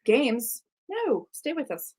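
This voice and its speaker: A woman's voice: sits high, big pitch swings, takes it slowly, darkish tone, husky. A woman hosting a live art tour for kids, playfully quizzing a child on words and laughing often. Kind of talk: live-stream lesson for kids.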